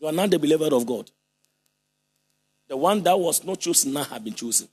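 Fiery high-voiced male preacher. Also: animated, brisk, slightly rough. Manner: fervent preaching, shouted and sung phrases, congregation call-and-response. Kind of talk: sermon.

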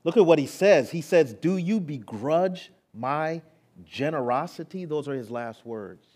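A male pastor preaching a sermon, moving between hushed, intimate lines and rising, emphatic ones. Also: on the high side, animated, a little slow.

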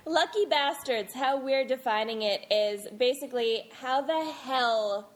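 A woman chats on a podcast, laughing easily between her lines. Her voice sits high, and she talks slowly and unhurriedly, in a casual, friendly tone. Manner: giggly, laughing often. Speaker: podcast co-host. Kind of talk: casual chat.

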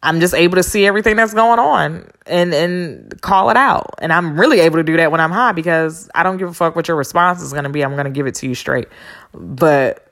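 A woman's voice: sits low, brisk, fairly bright tone. A woman hosting a podcast, telling a personal story in a candid, blunt and profane casual monologue with slangy asides. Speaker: podcast host.

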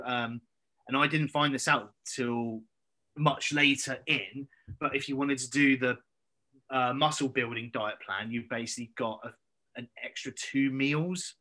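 A man from southern England talks as a guest on a casual podcast. His voice is bright and ringing, and he tells his stories bluntly, with plenty of swearing and lively energy. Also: mid-range voice. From Andover, southern England. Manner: blunt, sweary, animated storytelling.

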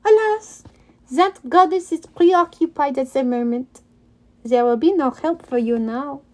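A woman voicing a gloating male manticore villain with a put-on French accent, sneering and slow. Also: sits high, dark tone. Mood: mocking.

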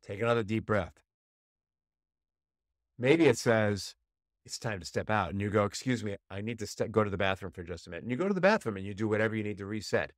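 A podcast host tells a personal story and coaches listeners in a quick-paced monologue, recorded in a clean studio with no echo. He acts out inner voices with rising pitch and raised, heated tones for emotion, dropping to a low quiet voice for calm moments.

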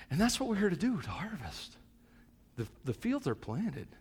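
A middle-aged male pastor preaching a sermon, moving between soft, reflective asides and loud, fervent stretches. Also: sits high, big pitch swings, moderate pace, breathy edge, in a large hall.

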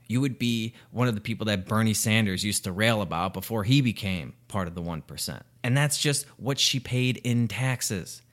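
A man's voice: on the low side, normal speed, few pauses. A man hosting a podcast, ranting in heated, sarcastic and profane political commentary. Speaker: podcast host.

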